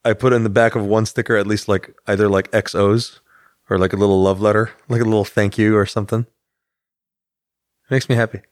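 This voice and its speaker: A man's voice: fairly low pitch, little pitch movement, normal speed, no echo, clean studio sound. A man from the Midwest with a Midwestern accent, co-hosting a podcast in loose, joking banter, tired and a little delirious. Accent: Midwestern American. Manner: laughs often, joking and loose. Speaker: podcast co-host. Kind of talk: casual banter. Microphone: studio podcast mic.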